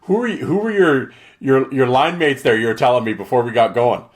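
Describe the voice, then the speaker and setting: A man hosting a podcast interview, tossing in quick affirmations and steering the conversation. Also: mid-range voice. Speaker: podcast host. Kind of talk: casual interview chat.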